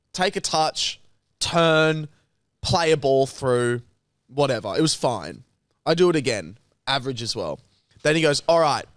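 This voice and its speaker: A young man, co-hosting a podcast, telling a story in casual chat, animated and sweary, acting out other people's lines. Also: mid-range voice, no echo. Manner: animated, sweary, acts out quotes. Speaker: podcast co-host.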